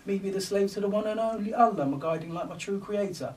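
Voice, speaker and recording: A man's voice: high voice, fast, a little mellow, recorded from a distance, poor audio. A man performing spoken word poetry in a rhythmic, rhyming delivery with cockney slang. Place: event venue.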